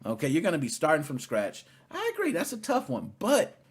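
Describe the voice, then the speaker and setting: A man hosting a casual gaming podcast, teasing his guest and talking with animated swings between loud and quiet. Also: a little high, a little fast, breathy edge. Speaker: podcast host.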